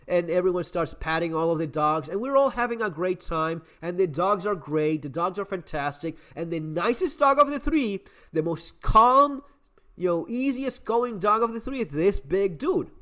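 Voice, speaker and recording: Middle-aged male host, casual storyteller, high and lively delivery, swears, restarts a lot. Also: moderate pace. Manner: animated, swearing, repeats words and restarts. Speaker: survival channel host.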